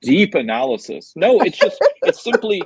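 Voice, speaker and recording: Playful male talk show host, husky voice. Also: high-pitched, huge pitch swings, normal speed, dry recording, rough recording. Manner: teasing, playful, many restarts. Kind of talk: casual panel chat.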